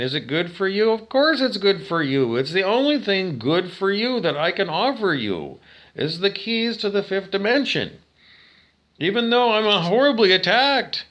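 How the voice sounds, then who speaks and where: A man's voice: high-pitched, fairly bright tone. A man talking straight to his viewers in a monologue, ranting, swearing and asking questions he answers himself. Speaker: vlogger. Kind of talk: direct-to-camera monologue.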